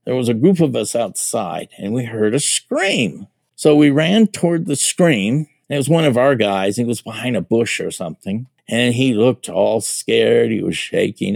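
An older man recalls his military years in a loose, rambling way, full of restarts and fillers. His voice is gravelly, with some fry, and the recording sounds dry and close. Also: lowish voice, darkish tone, dry recording. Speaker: veteran telling his life story. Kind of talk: casual spoken memoir.

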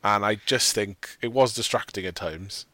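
A man's voice: fairly low pitch, moderate pace, pushed and bright, dry recording. A man hosting a casual film discussion, rambling and often correcting himself as he argues his opinions. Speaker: podcast host.

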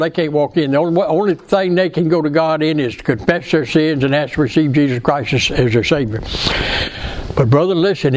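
A preacher, a man with a slightly high voice, delivering an earnest, folksy sermon. He keeps turning to his congregation with questions. A faint hiss of noise sits under the recording. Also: darkish tone.

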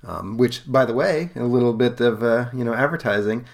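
Gravelly man reading comics aloud. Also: mid-range voice, normal speed. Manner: acts out comic dialogue, many fillers and laughs. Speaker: podcast co-host. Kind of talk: casual comic book read-along.

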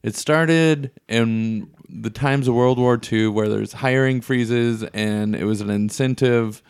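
A man's voice: medium pitch, slow pace, a little mellow, clean tone, no room sound, studio quality. A man co-hosting a podcast in casual chat, curious and jokey, asking questions to follow along. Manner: curious, jokey, laughs often, asks clarifying questions. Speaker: podcast co-host.

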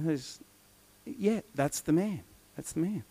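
A man preaches in an animated, storytelling way and slips into voices for the people in his tale. His voice sits a little high for a man. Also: takes it slowly. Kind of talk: sermon.

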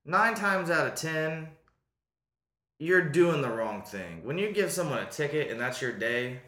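A man's voice: fairly high pitch, big pitch swings, unhurried, bright, forceful tone. Crude joking man in an echoey room. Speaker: podcast co-host. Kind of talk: casual chat among friends.

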